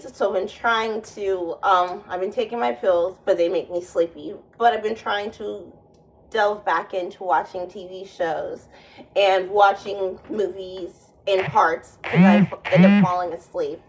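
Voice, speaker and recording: A woman's voice: mid-range voice, fairly even intonation, unhurried, low-quality recording. A woman vlogger in a casual monologue, rambling and sardonic, often restarting her sentences.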